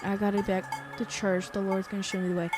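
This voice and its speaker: A woman's voice: medium pitch, flat delivery, fairly quick, noisy background, lightly acted. A woman voicing a bitter, cursing old man down on his luck, with a put-on Southern accent and a grumbling, vengeful drawl.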